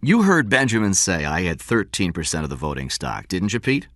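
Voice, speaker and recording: A man voicing a confident, scheming businessman in an audiobook, brisk, excited and commanding. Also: low voice, dry recording, clean studio sound, exaggerated voice.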